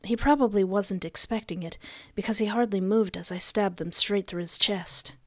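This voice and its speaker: A woman narrating a story game aloud, switching between dramatic reading and excited, tearful reactions. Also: medium pitch, moderate pace, no echo. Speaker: gamer reading a visual novel aloud.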